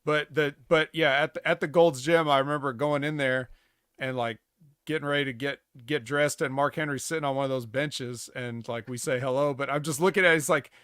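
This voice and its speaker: A man's voice: mid-range voice, steady tone, fairly quick, a bit bright, clear, resonant tone, no echo, studio quality. Rambling man in casual podcast chat. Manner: rambling, many "like" fillers and restarts. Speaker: podcast co-host.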